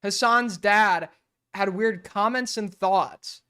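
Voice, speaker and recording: A man's voice: sits high, takes it slowly, pushed and bright, smooth. A male streamer giving blunt, profane live commentary as he reacts to a clip.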